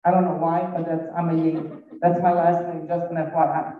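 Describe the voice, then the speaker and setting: School staffer, middle-aged man, non-native accent, chatty personal storytelling, boomy hall, far-off mic. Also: monotone, a little fast. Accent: foreign accent, non-native English. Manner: warm, personal, rambling storytelling. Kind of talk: responding at a community forum. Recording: echoey hall, distant dull mic.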